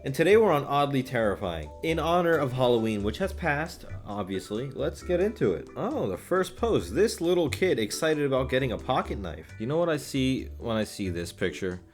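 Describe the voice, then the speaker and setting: Animated, foul-mouthed young man. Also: mid-range voice, normal speed, hardly any pauses, faint music behind. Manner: profane, animated, joking. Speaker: YouTuber. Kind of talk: casual reaction commentary.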